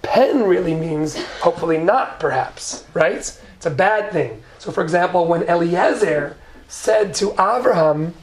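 A woman's voice: lowish voice, lively intonation, a little slow, darkish tone. A woman teaching a Torah lesson, reading Hebrew verses and explaining them in English. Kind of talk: lecture on Genesis text.

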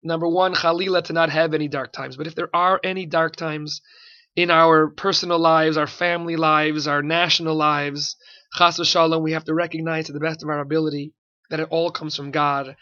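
Male religious teacher, fervent, repeats for emphasis, sharp tone. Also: a little high, flat delivery, moderate pace, dull audio. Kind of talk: sermon-style Torah talk.

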